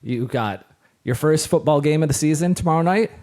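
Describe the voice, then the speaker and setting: A middle-aged man co-hosting a casual sports podcast with his son, upbeat and quick to laugh, often restarting his sentences. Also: on the high side, darkish tone. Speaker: co-host, father.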